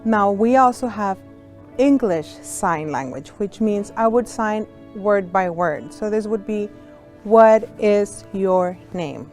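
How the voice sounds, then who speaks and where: Slow, patient woman teaching sign language. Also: mid-range voice, expressive, darkish tone, soft background music. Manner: patient, explains step by step to young students.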